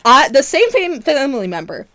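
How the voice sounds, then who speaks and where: A woman streamer in casual livestream chat, ranting with lots of swearing and breaking into laughter, loud enough to peak the mic. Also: high voice, big pitch swings, moderate pace, no room sound, clean studio sound. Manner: profane exasperated ranting, often breaking into laughter.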